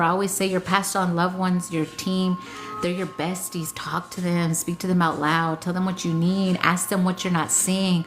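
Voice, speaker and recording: A woman spiritual healer hosting a casual live session, talking bluntly with frequent swearing and laughter. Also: fairly low pitch. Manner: blunt, profane, laughs often, reads chat comments aloud. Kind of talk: casual live-stream chat.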